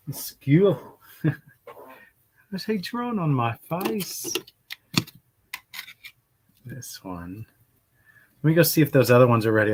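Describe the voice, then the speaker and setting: A man's voice: on the low side, background noise. A man hosting a casual painting livestream, chatting in a rambling way and greeting viewers by name. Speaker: livestream host painting miniatures.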